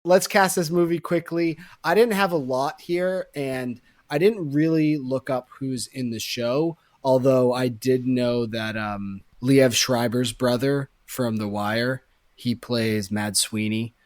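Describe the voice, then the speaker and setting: A man's voice: mid-range voice, steady tone, slow pace, no echo. A young adult man co-hosting a book club podcast, chatting eagerly and laughing easily. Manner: chatty, enthusiastic, easy laugh. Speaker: podcast co-host. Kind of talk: casual chat.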